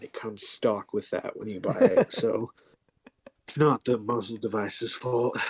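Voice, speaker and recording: A man's voice: mid-range voice, darkish tone, no echo. A man co-hosting a casual podcast, blunt and crude in a sarcastic way, and short of breath. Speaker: podcast co-host. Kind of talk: casual chat, gun critique.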